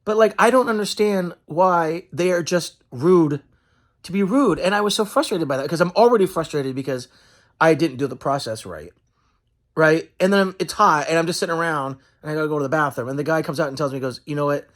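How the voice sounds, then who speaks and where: A man's voice: on the high side, brisk. Male vlogger, casual rambling rant, frustrated, heavy on fillers.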